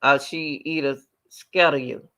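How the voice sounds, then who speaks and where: A man doing live reaction commentary on a video, animated and talking straight to his chat. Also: fairly high pitch, unhurried. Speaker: commentary streamer.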